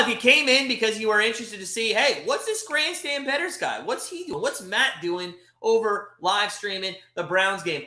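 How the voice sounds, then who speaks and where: A man's voice: sits high, reverberant. A man hosting a live watch party, calling the plays as a frustrated fan and breaking into exasperated outbursts. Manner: frustrated, animated, swings from calm play calls to exasperated outbursts. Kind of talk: live play-by-play fan commentary.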